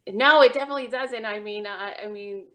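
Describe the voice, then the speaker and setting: A woman with a New York accent talks as a podcast guest in a chatty, upbeat, casual way. She is a real estate agent. Her pitch sits in the middle range for a woman. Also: a little fast. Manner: chatty and upbeat, with short laughs. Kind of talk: casual interview chat.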